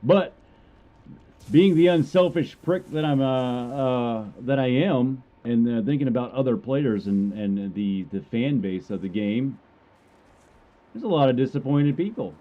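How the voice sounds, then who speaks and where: Frustrated dude ranting about a game, keeps stumbling over words, mellow low-key voice. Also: male voice, measured pace, highs cut off. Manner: frustrated, rambling, stammering. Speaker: gamer commentator. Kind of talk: ranting commentary.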